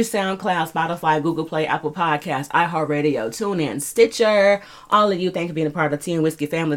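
A woman, hosting her podcast in a casual, animated chat, with frequent laughs and exclamations. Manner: animated and exclamatory, laughs often, swoops up in pitch. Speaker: podcast host.

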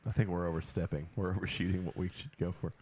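A man co-hosting a casual podcast, reacting quickly and swearing freely. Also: sits low, steady tone, darkish tone, a little hiss or hum. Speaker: podcast co-host.

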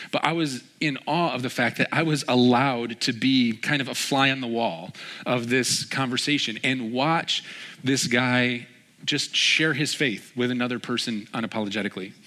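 A man's voice: mid-range voice, pushed and bright. A man preaching a conversational sermon as a pastor, telling a story in a chatty way with frequent fillers.

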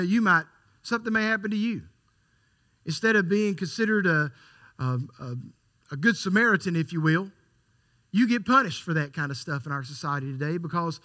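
Guy preaching a sermon, high-ish voice, super bright and sharp, goes quiet then loud. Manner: emphatic, repeats key lines for stress.

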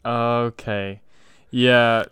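Brief: male co-host, hesitant and emphatic, crisp voice with a dry sound. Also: medium pitch, fairly even intonation, very slow, fairly bright tone, no echo. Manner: hesitant, many restarts, emphatic. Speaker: podcast co-host. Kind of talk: casual chat.

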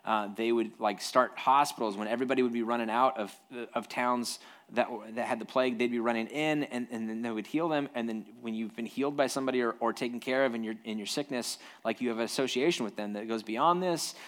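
A man preaching a relaxed, conversational sermon at a medium pitch. He mixes scripture reading with quick, animated asides and plain-spoken explanations. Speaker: pastor.

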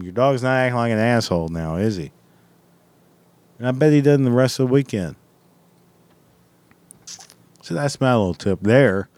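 A man's voice: medium pitch, animated, normal speed, long pauses, a little mellow, no room sound. Blunt, profane man rambling a story. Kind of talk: casual storytelling monologue.

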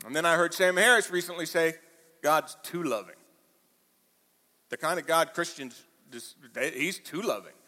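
High bright-voiced male preacher in a hall. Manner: conversational preaching, swings between hushed asides and loud emphatic peaks. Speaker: pastor. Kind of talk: sermon. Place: church auditorium.

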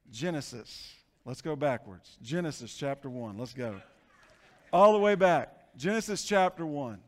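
High-voiced male pastor preaching in a hall. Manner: animated preaching, swinging from hushed to shouting. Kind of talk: sermon. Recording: long reverb of a large hall.

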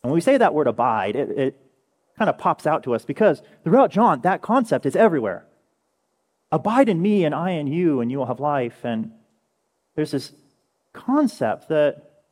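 A young male pastor preaches in a relaxed, conversational way and slips into lively storytelling. His voice sits a little high and swings widely in pitch. It rings out with long reverb in a large hall. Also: moderate pace, pauses often. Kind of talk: sermon.

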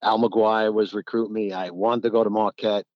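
A man's voice: fairly low pitch, moderate pace, no room sound, muffled recording. Rambling older New man storytelling. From New Jersey. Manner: rambling, animated, acts out quotes. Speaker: guest, former college basketball player. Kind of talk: casual storytelling.

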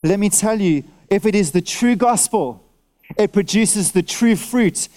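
A man preaching a sermon to his church, lively and direct, throwing out rhetorical questions and asking the congregation for nods and amens while wearing a mask. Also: sits high, unhurried. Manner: talks directly to listeners, asks for nods and amens. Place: church service.

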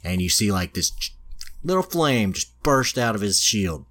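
Male podcast host, deep low voice, casual profane storyteller. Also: very animated, moderate pace, pushed and bright. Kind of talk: casual chat, retelling a plot.

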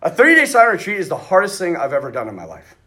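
A middle-aged priest giving a conversational sermon, telling stories and acting out bits of dialogue. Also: male voice, fairly high pitch, very fast, breathy edge. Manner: conversational, animated, acts out quoted dialogue. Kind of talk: sermon with storytelling.

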